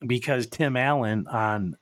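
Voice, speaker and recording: A man's voice: medium pitch, unhurried, no room sound. A man hosting a podcast, rambling through stories and chuckling as he goes. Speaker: podcast host. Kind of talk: casual chat.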